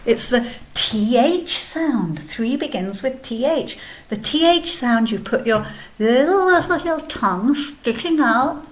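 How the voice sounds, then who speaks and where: A woman teaching a kindergarten video lesson, explaining patiently in a gentle, sing-song way. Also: a little high, expressive, a little slow. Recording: echoey room, faint background ambience.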